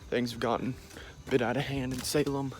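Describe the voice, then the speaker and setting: A man playing a weary, condemned Salem farmer who speaks to the camera in halting vlog messages, saying "y'all". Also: medium pitch, little pitch movement, faint music behind, close to an everyday voice. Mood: somber. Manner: slow, halting, says "y'all". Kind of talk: amateur vlog-style role-play.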